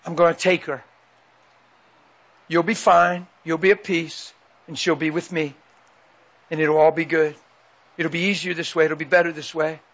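A man voicing a hushed, coaxing spirit. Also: on the high side, flat delivery, normal speed, pauses often. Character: soft, coaxing spirit voice, male, claiming divine authority.

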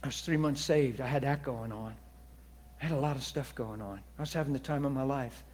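A man preaching a testimony sermon, moving between hushed confiding and loud, excited preaching. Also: medium pitch, brisk. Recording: long reverberant hall.

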